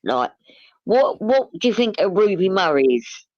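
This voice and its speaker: A man from near London with a Cockney-like English accent, talking loudly and playfully on a livestream call with lots of slang. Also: high voice, sing-song, moderate pace, dry recording, dull audio. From England, near London. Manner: loud, slangy, swears playfully. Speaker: guest caller. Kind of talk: casual chat on a livestream.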